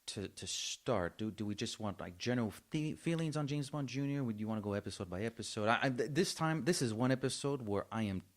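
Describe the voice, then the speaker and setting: A man's voice: medium pitch, lively intonation, fairly quick, hardly any pauses. A man co-hosting a podcast, chatting casually with wry jokes. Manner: wry, joking. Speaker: podcast co-host. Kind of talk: casual chat.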